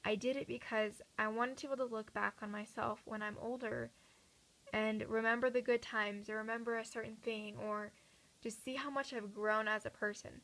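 Teen girl vlogger, higher-pitched, slightly raspy, earnest rambling chat to camera from home. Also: steady tone, normal speed, a bit bright, poor audio. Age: teens. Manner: chatty, earnest, many fillers and restarts. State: slightly raspy from talking a lot. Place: at home at night.

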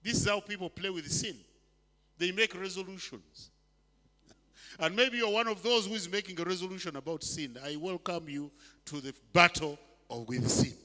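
A man in his sixties from Uganda preaching a sermon, swinging between loud urgent lines and soft slow ones. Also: sits high. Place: church hall. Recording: long hall reverb.

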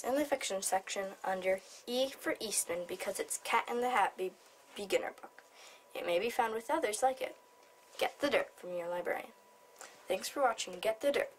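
Woman librarian, mid-pitched, steady picture-book reader. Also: a little hiss or hum. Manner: plain, steady storybook narration. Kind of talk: reading a picture book aloud.

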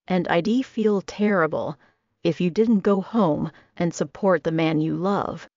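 A woman's voice: lowish voice, unhurried, darkish tone, dry recording, lightly acted. A woman voicing a gushing loyal best friend. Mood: earnest. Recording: dull lo-fi recording.

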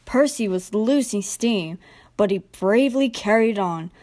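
Young woman reading a kids' train story aloud, gentle and expressive, steady middle voice. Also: medium pitch, a little slow. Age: young adult. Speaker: storybook reader. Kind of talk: scripted storybook narration.

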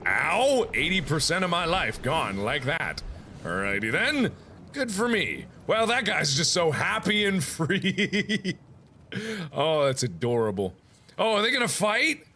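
A man's voice: fairly high pitch, big pitch swings, measured pace, pushed and bright, slight background noise. A man reacting to gameplay with laughing, jokey asides.

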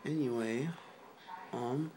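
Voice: mid-range voice, slow. A vlogger talking casually and offhandedly while filming their bedroom, rambling and goofy, on a handheld camera. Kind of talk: casual rambling home video.

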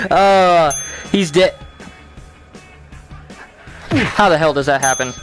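A young adult gaming host giving casual commentary on a VR game while swearing at and talking to the game characters, breaking into shouts and loud laughter. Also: medium pitch.

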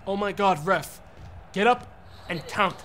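A young man streaming a wrestling game, frustrated and profane, yelling at the referee between muttered plans. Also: high-pitched, unhurried, a little hiss or hum. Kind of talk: gaming commentary.

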